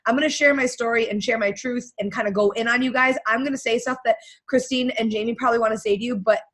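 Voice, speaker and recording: A woman coach giving a blunt, energetic motivational talk on a team call. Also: a little high, fast talker. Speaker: guest coach.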